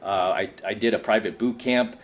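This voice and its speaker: A man delivers a casual coaching monologue to his viewers. He is emphatic and preachy and keeps tacking "right?" onto his points. He sounds worn out from too little sleep, and his voice sits a little low. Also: fairly even intonation, moderate pace. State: tired from lack of sleep. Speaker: men's coaching YouTuber.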